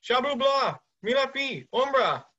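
A man's voice: extremely high pitch, very animated, a little slow, sharp tone, lo-fi sound, heavily acted. A man reading a dim young male actor who stays bluntly clueless, over a video call. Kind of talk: amateur scene reading.

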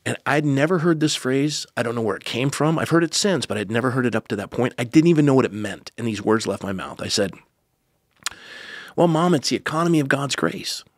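A pastor, telling a personal story as a podcast guest, earnest with joking asides. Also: male voice, medium pitch, lively intonation, fast, few pauses, no echo, studio quality. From United States.

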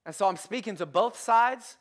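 High-voiced man preaching with emphatic repetition. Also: moderate pace. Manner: emphatic preaching with repeated phrases, swinging between loud and hushed; conversational, self-deprecating asides. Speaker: pastor. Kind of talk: sermon.

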